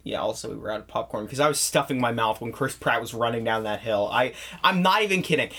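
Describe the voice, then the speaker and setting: A person in a casual chat, excitably and animatedly retelling a film's plot, prone to erupting into shrieking laughter. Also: mid-range voice, quick pace, noisy background. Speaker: movie reviewer.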